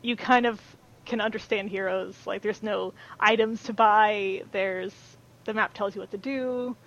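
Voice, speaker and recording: A woman's voice: mid-range voice, fairly even intonation, measured pace, fairly bright tone, lo-fi sound. A woman chatting as a podcast guest, talking loosely with many fillers and restarts. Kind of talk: casual chat.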